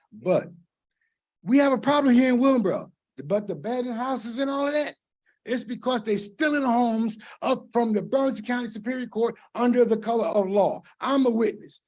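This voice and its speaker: A middle-aged man speaking at a council meeting's public comment, impassioned and rambling, swinging from quiet to loud at a podium microphone. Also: high-pitched.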